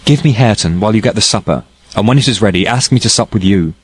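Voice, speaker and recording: A headstrong young woman pours out her feelings in a declaiming, impassioned rush, as a man reads her part in an audiobook. The voice sits a touch higher than his own deep, low register. The recording is dry and close, with no room around it. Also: fast talker, breathy edge, no room sound, rough recording. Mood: uneasy. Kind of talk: audiobook character reading.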